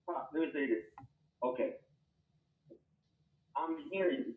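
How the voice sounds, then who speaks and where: A man's voice: on the high side, unhurried, heavy background noise. A man co-hosting a podcast, arguing earnestly and often stammering and repeating words. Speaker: podcast co-host. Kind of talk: heated debate. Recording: tinny phone-like remote line, roomy.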